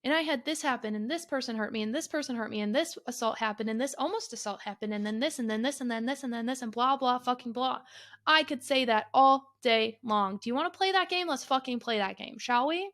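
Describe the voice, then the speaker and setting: A young woman holds forth alone on her podcast, her voice pitched high. She talks bluntly and emphatically, swears freely and hammers each point home by saying it again. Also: a little fast, fairly bright tone. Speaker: podcast host. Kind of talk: solo podcast rant.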